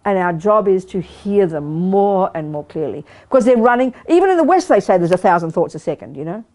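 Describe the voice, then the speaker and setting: A woman's voice: medium pitch, lively intonation, fairly quick, darkish tone. A woman giving a Buddhist teaching talk to a study group, blunt and emphatic, now and then acting out the inner voices she describes. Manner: acts out quoted inner voices.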